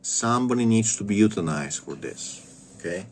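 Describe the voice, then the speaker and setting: A man's voice: on the low side, expressive, normal speed, vocal fry, darkish tone, slight background noise. A man in his thirties from Bulgaria, ranting casually in a crude, rambling way with stammered repeats. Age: 30s. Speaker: vlogger. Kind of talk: casual rant.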